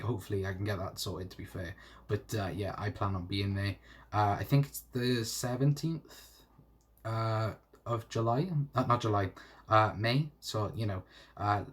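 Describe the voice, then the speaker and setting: Husky-voiced man chatting on a stream. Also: lowish voice. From England. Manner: rambling, many fillers like "you know" and "uh". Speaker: fan channel host. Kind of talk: casual live-stream chat reading comments.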